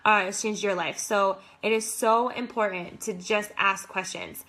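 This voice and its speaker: A woman's voice: medium pitch, fairly even intonation, measured pace, pushed and bright. A young adult woman, a fitness coach, giving enthusiastic, casual motivational advice to other coaches with lots of "like".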